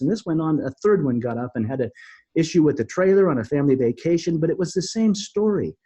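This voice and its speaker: Earnest man with a husky voice. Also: a little high, animated, warm tone. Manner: earnest, halting with many restarts. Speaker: podcast guest. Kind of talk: storytelling in an interview.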